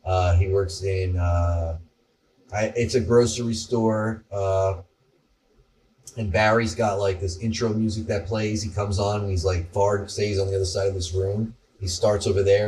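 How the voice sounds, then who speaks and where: A rambling man co-hosting a casual podcast, with a lowish voice, telling loose stories and swearing now and then. He sits a bit back from the mic. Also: darkish tone, recorded from a distance. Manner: rambling, storytelling, profane. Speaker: podcast co-host. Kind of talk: casual chat.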